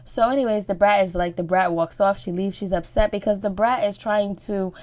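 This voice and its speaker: A woman's voice: steady tone, fairly quick, darkish tone. A woman giving a casual, chatty recap of a reality show, swearing freely and acting out the people's lines. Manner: chatty, swearing, acts out quotes with rising pitch.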